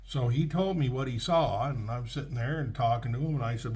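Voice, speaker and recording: A man's voice: medium pitch, a little fast, few pauses, a little mellow. A middle-aged man, telling a true story from his trucking days in a casual, folksy way with frequent restarts. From Canada.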